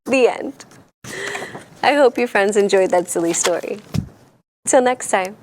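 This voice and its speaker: A woman's voice: medium pitch, animated, slow pace, background noise. A woman hosting a children's storytime, reading a picture book aloud in a sing-song storyteller voice and putting on playful voices for the characters.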